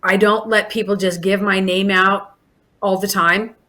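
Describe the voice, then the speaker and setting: Chatty mid-pitched woman in an interview. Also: fairly even intonation, measured pace. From Alaska. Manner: warm, chatty, many restarts and fillers. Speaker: in-home daycare provider. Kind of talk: casual podcast interview.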